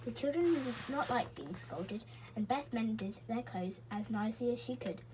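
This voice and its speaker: A woman reading a children's book aloud in a gentle, expressive way, with small slips and restarts. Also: fairly high pitch, moderate pace, background noise. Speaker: reader.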